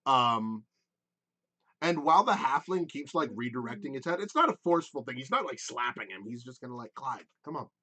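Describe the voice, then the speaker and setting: Chatty game master, bright voice. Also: male voice, mid-range voice, big pitch swings, brisk. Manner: rambling, lots of fillers. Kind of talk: narrating a tabletop game.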